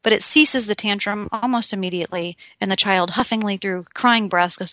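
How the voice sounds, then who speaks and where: Woman, young adult, motivational talk, emphatic, direct address, bright voice, dry recording. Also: mid-range voice, moderate pace, pauses often, no room sound. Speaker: motivational speaker.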